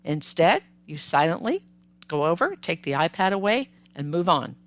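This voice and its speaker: A woman's voice: low voice, sing-song, normal speed, no room sound. Upbeat woman podcast host, dry sound. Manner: upbeat, conversational, acts out child and parent lines. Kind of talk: solo podcast advice talk.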